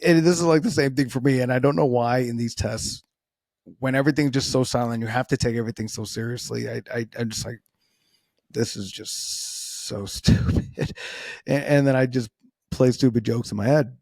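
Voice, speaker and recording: A man's voice: medium pitch, fairly even intonation, quick pace, darkish tone, dry recording. Rambling, self-deprecating man, dry close mic. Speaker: podcast host. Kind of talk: casual solo podcast monologue.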